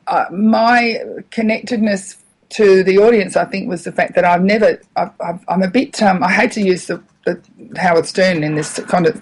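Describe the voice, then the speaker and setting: A middle-aged woman, a radio comedian, telling stories in a casual interview, animated and laughing often. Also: fairly low pitch, slightly rough.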